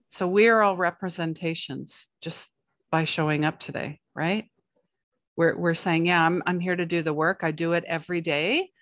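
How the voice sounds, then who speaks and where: A woman leading a spiritual workshop, talking in a chatty, rambling way with quick asides. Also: fairly low pitch, a bit bright, no room sound, studio quality. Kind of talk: casual spiritual talk.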